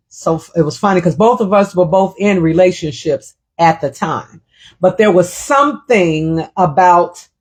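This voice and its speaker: Emotional, husky-voiced woman talk host. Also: on the low side. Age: middle-aged. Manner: reflective, emotional, repeats phrases. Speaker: show host. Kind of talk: personal storytelling monologue.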